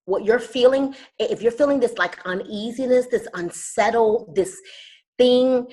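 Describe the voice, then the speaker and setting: A woman speaking as a guest mentor on a group call, preaching with emphasis and swinging between loud and hushed. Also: medium pitch, poor audio. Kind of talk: motivational talk on a call.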